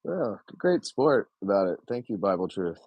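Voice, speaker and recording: A man riffs through casual live reactions at his home streaming setup, excitable and blunt, stretching out long "oohs" and swearing offhandedly. His voice sits lowish, the recording has no room sound, and the high frequencies are cut off.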